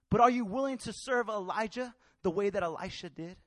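A male preacher with a notably high voice delivers his sermon in an animated, colloquial style, slipping into casual slang as he drives his points home. The sound is close and dry, with no room around it. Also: a little fast, hardly any pauses, dry recording. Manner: animated, colloquial, acts out Bible characters in street slang.

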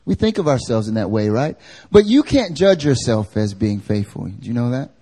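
A man preaching a live church sermon, animated and conversational, acting out everyday voices. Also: medium pitch, moderate pace, slightly rough. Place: church service.

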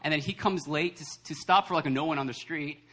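Animated young man preaching a sermon. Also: on the high side, fast talker, slight background noise. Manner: animated storytelling, acts out voices, laughs often. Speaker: pastor. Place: church service hall.

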